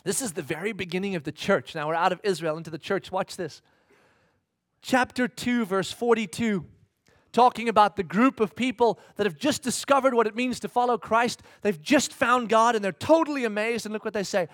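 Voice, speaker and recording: Preaching to his congregation, a pastor with a high-sitting, fairly bright voice moves fairly quickly, performing short dialogues in mock voices and questioning his listeners. It's studio quality with no room sound.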